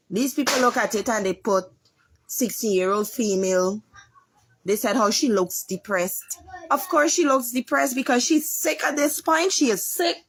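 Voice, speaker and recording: A woman's voice: mid-range voice, slightly rough. A woman with a Guyanese accent, a mother giving an emotional, repetitive account of her daughter's hospital care. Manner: pleading, repetitive retelling. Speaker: mother of a sick patient.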